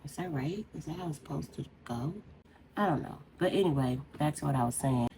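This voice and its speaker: A woman with a strikingly low, deep voice vents in a loose, rambling way as she does her makeup on camera. Her talk is conversational and heartfelt, with steady room noise audible underneath. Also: fairly quick, vocal fry. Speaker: beauty vlogger. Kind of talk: casual venting while doing makeup.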